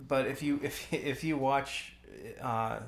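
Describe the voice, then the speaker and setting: A man co-hosting a podcast, casually commenting on a film as he watches, talking in halting stops and restarts. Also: mid-range voice, steady tone. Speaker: podcast co-host. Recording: roomy echo, faint noise.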